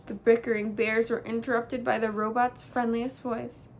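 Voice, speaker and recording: A woman reading a children's novel aloud as host, with expressive storybook narration. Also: on the high side, moderate pace, gravelly, few pauses.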